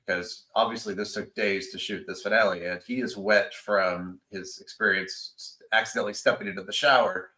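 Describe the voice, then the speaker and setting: Bright, lively man hosting a podcast. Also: lowish voice, a little fast, hardly any pauses, poor audio. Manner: animated, enthusiastic, emphatic. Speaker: podcast host. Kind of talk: casual chat.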